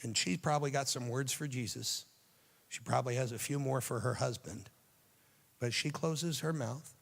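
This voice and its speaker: A youth speaker tells a story dramatically during a sermon, softening into a hushed, tender voice for quoted lines. His mid-range voice carries vocal fry at a normal speed, and a long reverb tail follows it.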